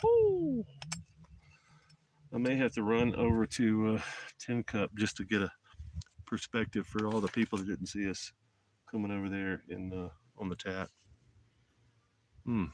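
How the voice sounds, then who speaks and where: A man's voice: fairly low pitch, steady tone, normal speed, long pauses, a little hiss or hum. Rambling Southern man on a live stream. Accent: Southern US, Alabama. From Alabama. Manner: rambling, folksy, talks to viewers in chat. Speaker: motorcycle travel vlogger. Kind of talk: casual live-stream chat. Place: outdoors in the mountains. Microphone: phone.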